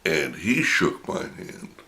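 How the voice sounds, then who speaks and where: A middle-aged man, slowly telling a personal anecdote in a casual, drawn-out way. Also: extremely low pitch, sing-song, sharp tone. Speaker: storyteller.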